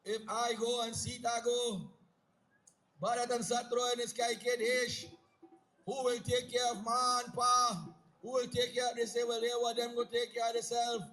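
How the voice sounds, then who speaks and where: A man's voice: very high-pitched, little pitch movement, normal speed, sharp tone, poor audio. A man voicing a noble, dutiful prince who speaks firmly and reassures his family. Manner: firm, reassuring. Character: noble dutiful male prince, calm elder brother.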